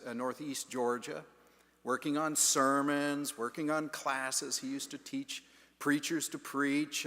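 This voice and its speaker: A man preaching a sermon as the pastor, telling a story in a deliberate, emphatic way in a large stone church. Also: a little high, bright, forceful tone. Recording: long church reverb.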